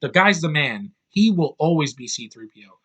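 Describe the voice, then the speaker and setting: A man's voice: on the high side, lively intonation, normal speed, sharp tone. A man in his thirties giving a casual, ranting film review, blunt and profane, rambling with lots of fillers. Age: 30s. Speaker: movie reviewer.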